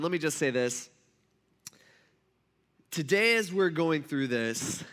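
Bright-voiced young male preacher. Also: a little high. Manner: conversational, storytelling, checks in with the audience. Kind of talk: casual sermon.

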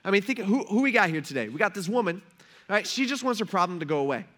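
A man preaching a sermon as a pastor, speaking in a relaxed, slangy way and acting out the characters of the story in everyday talk. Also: high voice, fast talker. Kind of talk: casual conversational sermon.

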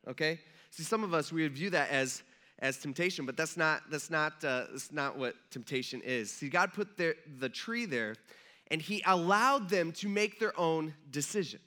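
Pastor guy preaching, chatty and jokey, fairly high voice, keeps asking the crowd stuff. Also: animated, moderate pace, pushed and bright. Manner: conversational, joking, asks the audience questions. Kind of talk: sermon. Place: church.

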